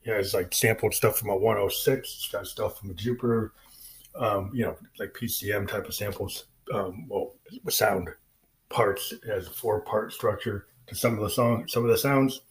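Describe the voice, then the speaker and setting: Man, musician, low voice, casual, rambling, lots of fillers. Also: normal speed. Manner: rambling, many fillers and restarts. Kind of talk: casual spoken explanation.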